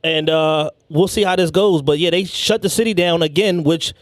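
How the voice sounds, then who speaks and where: A man co-hosting a podcast in casual chat, tossing in quick joking asides and laughing along. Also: a little high, no room sound, clean studio sound. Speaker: podcast co-host.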